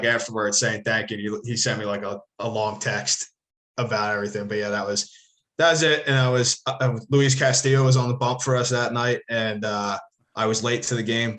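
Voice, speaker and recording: A man's voice: medium pitch, flat delivery, moderate pace, fairly bright tone. A man from the Philadelphia area, casually telling a long story as a podcast co-host, rambling, swearing and correcting himself as he goes. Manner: rambling, profane, self-correcting. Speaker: podcast co-host, former ballplayer.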